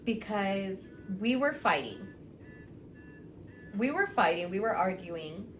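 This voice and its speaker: A woman in her thirties, a podcast co-host, telling a profane, animated story in casual chat. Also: medium pitch, takes it slowly, faint music behind.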